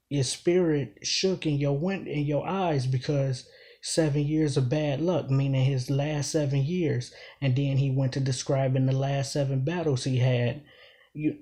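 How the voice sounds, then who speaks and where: A man talking casually through a battle rap, repeating each bar and pressing its meaning home. His voice is mellow and warm, with an ordinary mid pitch. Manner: emphatic, repeats lines while explaining. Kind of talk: casual breakdown commentary.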